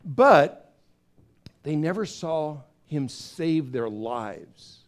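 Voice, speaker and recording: Pastor, male, slightly high voice, lively sermon delivery, acts out the characters. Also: drawn-out words. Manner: animated storyteller, acts out voices with big pitch swings; conversational, with fillers and restarts.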